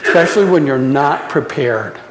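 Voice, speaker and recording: A man from the United States preaching a sermon in a slow, reflective way with pauses, recorded with a roomy echo and long reverb. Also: medium pitch, lively intonation, noisy background. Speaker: pastor.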